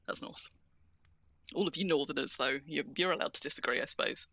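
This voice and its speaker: A woman from southern England chats through a game stream, rambling and poking fun at herself. Her voice is bright and forward in tone. She is recorded dry and close. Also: sits low, brisk, vocal fry, no room sound. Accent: southern English. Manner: chatty, self-mocking, rambling. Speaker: streamer, co-host. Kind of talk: casual gaming chat.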